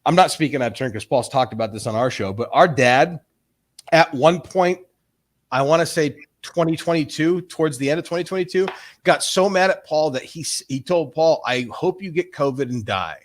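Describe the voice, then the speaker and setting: A man's voice: a little high, normal speed. Rambling, cursing man on a stream. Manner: rambling, restarts often, swears freely. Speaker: stream host. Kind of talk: casual livestream chat.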